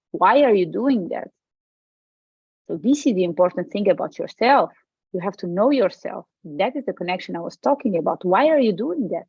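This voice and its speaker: A woman's voice: medium pitch, husky, no room sound, highs cut off. A woman with a Portuguese accent, a medicine practitioner speaking as a podcast guest, emphatic and repeating herself. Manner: emphatic, repetitive, animated. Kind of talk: podcast interview.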